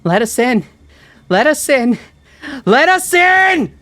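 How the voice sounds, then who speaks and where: Play a weeping mother's voice that is really a creature, as a man narrator puts it on: high, coaxing and tearful, pleading to be let in, with an odd hollow tone that is not quite human. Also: a little slow, dry recording. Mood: shrieking. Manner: pleading, tearful, escalating to shouting. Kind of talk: horror story narration.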